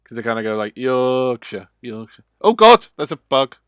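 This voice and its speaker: A man talking over a live video game stream, loose and chatty, pausing often with ums and uhs. His voice sits at an ordinary middle pitch. The sound is dry and close, with no room echo. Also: big pitch swings, clear, resonant tone, soft background music. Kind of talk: casual let's-play livestream commentary.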